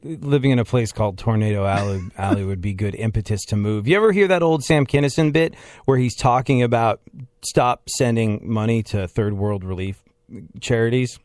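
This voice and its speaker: A man's voice: medium pitch, a little fast, darkish tone, no room sound, studio quality. Rambling man telling stories. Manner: rambling, storytelling, laughs often. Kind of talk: casual chat.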